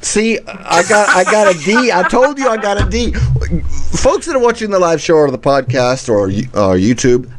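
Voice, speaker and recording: A man's voice: high-pitched, big pitch swings, moderate pace, crowd noise. A man hosting a live talk show, rambling and stumbling over his words, poking fun at himself and laughing often. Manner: rambling, stumbling, self-mocking, laughs a lot. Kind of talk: casual live show chat.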